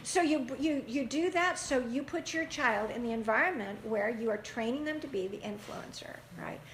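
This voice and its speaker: A middle-aged woman teaching a group of parents in a lively, animated way, often acting out what parents say and laughing. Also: a little high, normal speed. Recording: echoey room, faint background noise.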